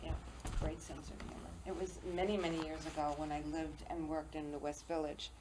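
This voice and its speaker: Low-voiced older woman hosting a chat. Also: little pitch movement, brisk. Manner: storytelling, self-deprecating humor. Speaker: talk show host. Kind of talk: casual interview chat. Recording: faint noise, local TV studio.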